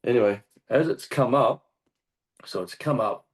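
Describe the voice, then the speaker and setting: A man with an Australian accent, a hunting guest telling a story in casual chat, animated and swearing often. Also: medium pitch, normal speed. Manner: animated, swears often, acts out shouted quotes. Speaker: guest hunter.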